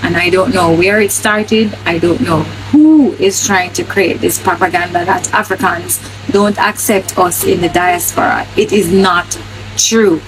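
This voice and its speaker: A woman's voice: lowish voice, measured pace, music in the background, low-quality recording. A woman speaking in fed-up, insistent commentary.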